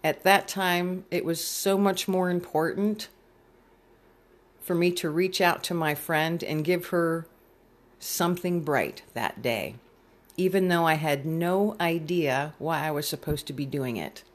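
A middle-aged speaker recounts a personal experience of faith to listeners, sincere and heartfelt throughout. They slip into their own past inner voice when quoting old thoughts. Their pitch sits in an ordinary middle range. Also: unhurried. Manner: earnest, retells scenes by voicing own past thoughts. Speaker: storyteller sharing a faith testimony. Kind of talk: personal storytelling to an audience.

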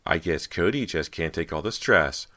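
A man's voice: sits low, lively intonation, normal speed, bright, forceful tone. A man voicing a catty young actress rival in an audiobook, with a sneering, mocking delivery. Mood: gloating.

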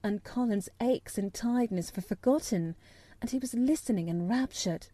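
A woman narrating a classic novel as an audiobook, in calm, measured storytelling close to the mic. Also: mid-range voice, dry recording.

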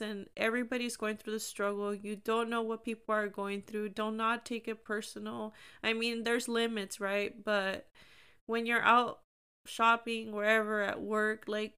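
A woman's voice: on the high side, bright, forceful tone, clear, resonant tone. A young woman hosting her own podcast, talking candidly and encouragingly in a chatty way with lots of fillers. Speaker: podcast host. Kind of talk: casual solo podcast talk.

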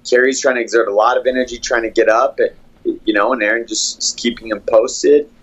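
A man who coaches fighters, calmly breaking down fight footage play by play in a steady, analytical way. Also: medium pitch, fairly quick, breathy edge, lo-fi sound.

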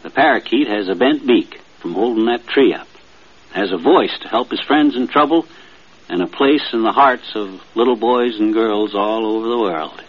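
A man's voice: on the low side, moderate pace, husky. A man playing a folksy middle-aged storyteller telling a child a tale in a 1950s radio comedy. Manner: folksy, drawling, lively storyteller. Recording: dull 1950s radio transcription.

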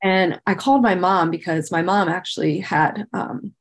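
A woman's voice: lowish voice, steady tone, normal speed. A woman in her thirties, a podcast guest, telling a personal story candidly and earnestly, with frequent "like" fillers and a strong sense of emotion. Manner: speaks about painful memories with visible emotion.

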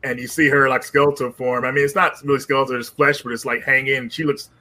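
Man with a bright, hesitant voice. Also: medium pitch, fast talker. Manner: relaxed, hesitant, searches for words. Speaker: guest co-reviewer. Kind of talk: casual movie review chat.

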